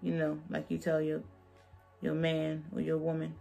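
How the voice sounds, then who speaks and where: A woman's voice: sits low, completely flat delivery, normal speed, vocal fry, warm tone, faint music behind. A woman beauty vlogger chatting through a wig tutorial, sassy and playful, joking with her viewers as she works.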